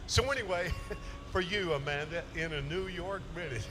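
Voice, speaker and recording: A man's voice: a little high, unhurried. A man with a drawl singing country songs live in a small hotel venue and telling folksy stories between songs. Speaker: country singer. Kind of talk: live concert singing and stage banter. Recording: live concert with loud band. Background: band music.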